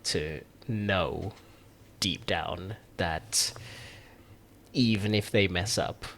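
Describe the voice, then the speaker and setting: Man, host, very deep voice, gentle reflective manner, faint background noise. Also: extremely slow, gravelly. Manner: gentle, reflective, affirming listener. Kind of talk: candid conversation.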